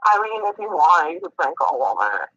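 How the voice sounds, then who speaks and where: A woman guest in casual chat, teasing and affectionate with quick asides. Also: low-pitched, big pitch swings, fairly bright tone, dry recording. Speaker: guest artist. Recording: dry, tinny call audio.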